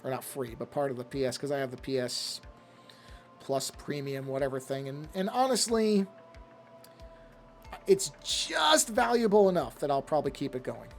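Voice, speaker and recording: A man's voice: mid-range voice, animated, normal speed, soft background music. Rambling man chatting while he draws. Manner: rambling, self-talk, easily sidetracked. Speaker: streamer. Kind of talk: casual chat while drawing on a live stream.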